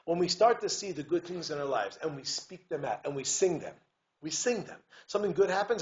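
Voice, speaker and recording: A man, a rabbi giving a community talk, telling stories in an animated way, acting out voices and dropping "right?" asides and restarts. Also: a little high, a little fast. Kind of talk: lively storytelling lecture. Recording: dull lo-fi recording with faint hiss.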